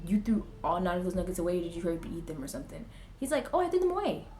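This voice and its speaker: A woman's voice: lowish voice, very fast, slight background noise. A young woman, chatting casually in a get-ready-with-me vlog and acting out family members' lines as she tells the story. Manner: animated, acts out family members' lines in quotes. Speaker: vlogger. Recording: echoey room.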